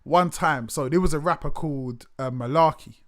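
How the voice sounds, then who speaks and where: Male interviewer, higher-pitched voice, chatty and animated, acts out quotes. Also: normal speed. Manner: animated storyteller, acts out other voices, swears casually. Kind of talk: casual conversational interview.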